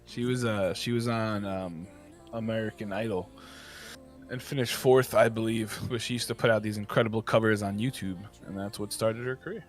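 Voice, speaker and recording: A man co-hosting a gaming morning show with dry, deadpan jokes. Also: fairly low pitch, moderate pace, faint music behind. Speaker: co-host. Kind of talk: casual radio chat.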